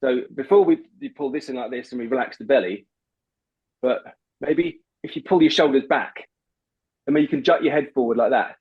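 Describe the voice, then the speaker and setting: A man who is a voice coach, explaining techniques in an animated, instructive way and laughing often. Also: medium pitch, fairly quick, husky, no room sound, phone-quality sound. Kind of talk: instructive conversation.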